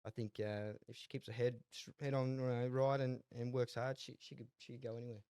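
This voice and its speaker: A man's voice: mid-range voice, flat delivery, fairly quick, dark tone, clean tone, dry recording. A man in his twenties with an Australian accent, speaking as a guest in a casual interview, rambling and laughing often as he tells stories. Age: 20s. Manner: laid-back, rambling, laughs often, repeats words. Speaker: guest, jockey and horse trainer.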